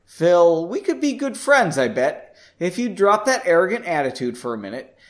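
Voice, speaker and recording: A man's voice: high voice, moderate pace. A man doing a cool, teasing young hero. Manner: relaxed and mocking.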